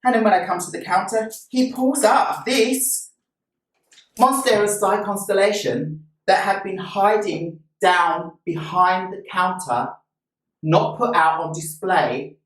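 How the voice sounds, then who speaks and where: A man vlogging about a plant he bought, gushing and excited as he tells the story and shows it off. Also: high voice, takes it slowly. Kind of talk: casual haul video. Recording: roomy sound from a distant mic.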